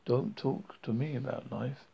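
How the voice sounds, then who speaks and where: A man's voice: fairly even intonation, a little slow, creaky, breathy edge, exaggerated voice. A man doing a gloomy depressed robot. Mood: morose. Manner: low, helpless, self-pitying. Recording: dull lo-fi recording.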